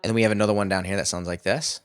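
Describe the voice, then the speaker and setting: A man with a slightly low voice walks through a home recording tutorial. He explains each step plainly, in an upbeat, encouraging way. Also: fairly even intonation, racing. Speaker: music production tutor.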